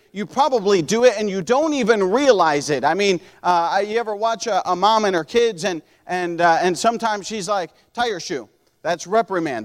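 A male pastor preaching a sermon in an earnest, conversational way, slowing down and lifting his voice when he quotes scripture. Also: sits high. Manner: slows and lifts voice when quoting scripture.

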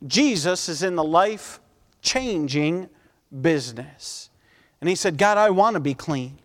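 A man preaching a sermon as pastor, fervent and pleading, at times dropping his voice to a soft, intense hush. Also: fairly high pitch, animated, unhurried, big-room sound.

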